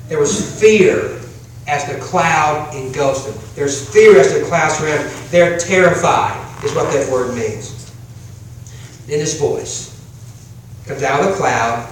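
A man with a high, light voice preaches a sermon, leaning hard on slow emphatic phrases and dropping to near-hushed tones for the key points. He is heard from a distance in a very echoey church hall, with a faint hum of the room behind him. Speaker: pastor.

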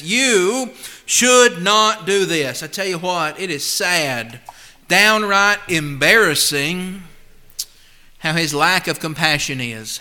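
Man, preacher, sermon, high voice, emphatic, slow deliberate scripture reading. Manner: emphatic, swings between loud and hushed; reads scripture slowly and deliberately.

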